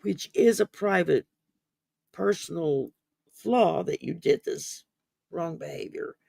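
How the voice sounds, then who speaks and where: A man's voice: a little high, expressive, slow, gravelly, darkish tone, dry recording. A man hosting a casual talk about mental wellness, rambling with many ums and restarts, sounding sleepy. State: sleepy, yawning. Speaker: podcast host.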